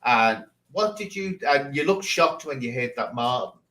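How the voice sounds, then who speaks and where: A man's voice: medium pitch, lively intonation, normal speed, pushed and bright, poor audio. A man hosting a casual livestream chat, teasing and sarcastic with his guests. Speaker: livestream host.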